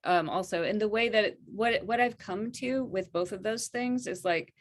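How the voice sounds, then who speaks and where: Soft-spoken reflective woman. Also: medium pitch, moderate pace. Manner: soft, reflective, exploring ideas. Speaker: interview guest, coach. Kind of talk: casual conversation.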